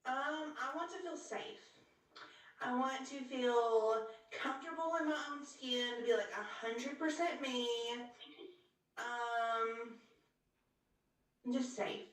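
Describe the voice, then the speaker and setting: Woman, high voice, chatty livestream talk, distant from mic, echoey. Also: a bit bright. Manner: chatty, quick, casual. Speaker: app streamer. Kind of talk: casual livestream chat.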